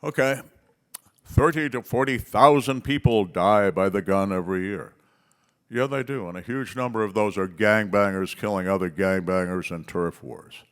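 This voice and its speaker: Low-voiced man giving a forceful conference speech. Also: normal speed, smooth. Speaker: conference speaker.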